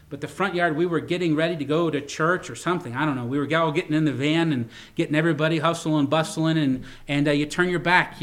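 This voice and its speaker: A man's voice: fairly high pitch, fairly bright tone. Preaching man calling out "Amen?". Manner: preaching with frequent "Amen?" calls to the congregation; repeats words and restarts, folksy storytelling. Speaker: pastor. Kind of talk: sermon.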